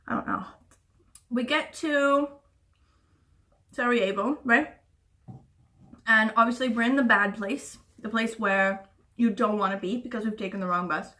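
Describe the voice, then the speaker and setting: Chatty girl rambling thru a travel story, bright voice, bit high, swears a lot. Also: unhurried, pauses often, distant mic. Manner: chatty, swears casually, lots of fillers. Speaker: booktuber. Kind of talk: casual storytelling.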